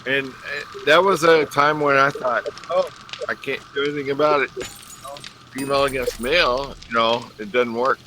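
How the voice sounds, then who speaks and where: A man's voice: medium pitch, fairly even intonation, normal speed, pushed and bright, slight background noise, rough recording. A man in a casual chat, talking bluntly and wryly about his own luck, with a lot of swearing. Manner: blunt, swears freely, wry about himself.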